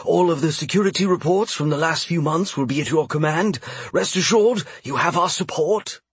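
Breathy, obliging male courtier in a storybook, high and airy, voiced by a male narrator. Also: normal speed, dry recording. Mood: reassuring.

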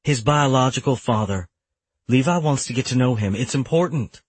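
A man voicing a demanding ex-wife with a strong Southern US accent, pushy and dismissive in a husky voice. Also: medium pitch, animated, moderate pace, no room sound, voice pushed up. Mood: insistent.

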